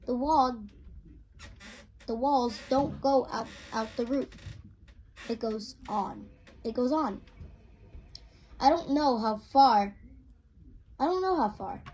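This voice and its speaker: Storybook read-aloud: woman playing a level-headed English girl, high, British accent. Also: darkish tone, poor audio. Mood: matter-of-fact. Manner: put-on British accent, halting and repeating. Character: sensible, bold young English girl.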